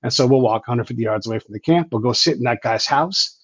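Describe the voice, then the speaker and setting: A man with a husky voice, a former Army intelligence specialist telling animated stories as a podcast guest, with many restarts. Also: mid-range voice, fast, no room sound, muffled recording. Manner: animated anecdotes full of restarts and fillers. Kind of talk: casual podcast storytelling.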